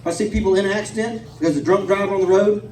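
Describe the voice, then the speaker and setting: A comedian putting on a preachy, indignant male cop, his lecture rattling on at a high pitch. Heard live in an echoey pub from a distant mic. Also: steady tone, racing, a little mellow, a little hiss or hum, natural voice. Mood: lecturing. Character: stern lecturing male police officer.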